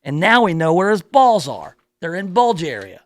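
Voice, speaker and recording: A man's voice: high-pitched, huge pitch swings, normal speed, dry recording. A male radio talk show host reading a news story aloud in a playful, riffing way, drawing out words for emphasis in his studio.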